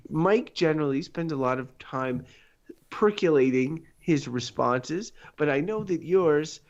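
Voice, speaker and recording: A man's voice: a little high, animated, unhurried, muffled recording. A man co-hosting a casual podcast, wry and a little rambling as he explains things. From Canada. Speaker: podcast co-host. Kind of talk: casual chat.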